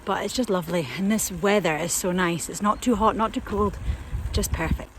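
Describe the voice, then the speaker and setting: A woman's voice: medium pitch, brisk, a little hiss or hum. A woman chatting casually in a lifestyle vlog, upbeat and encouraging about jobs at home. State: out of breath. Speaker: lifestyle vlogger.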